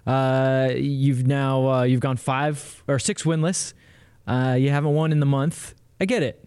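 A man's voice: medium pitch, steady tone, a little slow, a little mellow, smooth, no room sound, studio quality. A man co-hosting a casual sports podcast, wry and hesitant, with frequent restarts. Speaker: podcast co-host.

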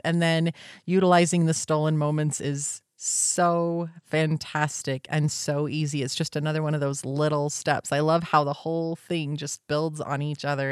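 A woman co-hosting a podcast in casual, enthusiastic conversation, breaking into animated voices when she quotes others. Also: low voice, smooth, no room sound, clean studio sound.

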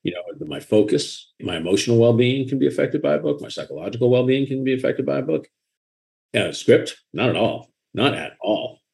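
A man's voice: medium pitch, vocal fry. A man with a Boston accent, an author talking frankly and with animation in a casual interview. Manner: frank and animated, quick asides and laughter.

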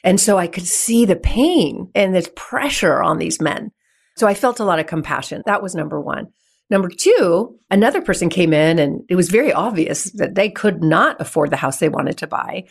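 A woman, a guest on a podcast, telling stories in an animated way, often laughing and acting out dialogue. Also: fairly low pitch, normal speed, vocal fry, husky. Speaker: podcast guest, real estate investor. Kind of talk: conversational storytelling.

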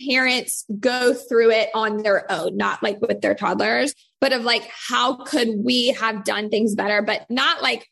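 Slightly husky woman in her thirties. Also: fairly high pitch, steady tone, a little slow, few pauses, fairly bright tone. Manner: chatty, many fillers like "like". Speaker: parenting coach. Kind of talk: casual chat.

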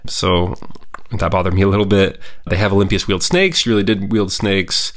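A man's voice: low-pitched, fairly even intonation, normal speed. A man giving a casual, opinionated spoken review of a historical film, talking freely with frequent restarts and asides. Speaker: history commentator.

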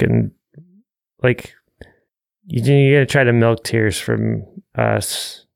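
Gravelly, smooth-voiced man, dry room. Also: medium pitch, expressive, a little slow, no room sound. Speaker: podcast co-host. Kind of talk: casual chat.

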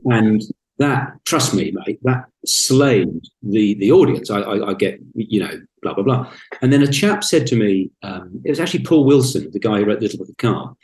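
Man, podcast guest, lowish voice, halting and repetitive, roomy echo. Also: lively intonation, darkish tone. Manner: halting, repeats words at the start of sentences. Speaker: guest, author and speaker. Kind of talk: casual podcast conversation. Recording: roomy, echoey sound.

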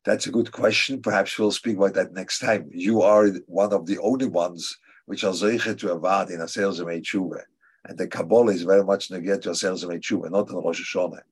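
A husky, fairly low-voiced man gives a religious class. He answers students' questions thoughtfully and haltingly, coming back to key phrases again and again to press them home. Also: fairly even intonation. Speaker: religious teacher.

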